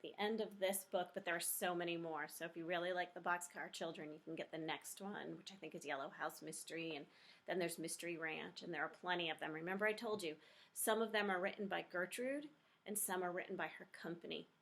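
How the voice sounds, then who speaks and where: A middle-aged woman reading a children's chapter book aloud in a lively, expressive way. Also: lowish voice, fairly quick, gravelly. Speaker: storybook reader.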